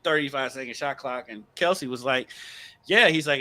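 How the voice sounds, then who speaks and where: A man's voice: mid-range voice, moderate pace. A man co-hosting a sports podcast, telling stories in casual chat and laughing often. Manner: storytelling, laughs often, lively. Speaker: podcast co-host.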